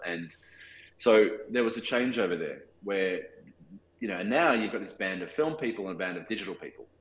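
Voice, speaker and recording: Australian man, forties, low voice, hesitant interview talk, roomy echo. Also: fairly bright tone, a little hiss or hum. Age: 40s. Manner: thoughtful, hesitant, many restarts and fillers. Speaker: cinematographer guest.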